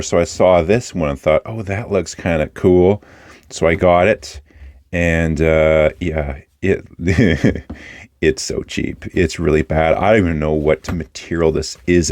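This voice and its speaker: A man with a low voice talks casually about his gear, relaxed and chatty, with plenty of fillers and restarts. The sound is dry and close, with no room echo. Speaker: host of a fountain pen channel. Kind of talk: casual product review talk.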